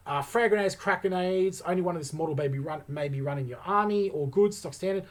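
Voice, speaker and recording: A man whose voice sits a little higher than most men's explains tabletop game rules, easygoing and excited. Like a relaxed hobby channel host chatting to viewers, he's enthusiastic and chatty, thinking aloud and often pausing on "um" and "you know."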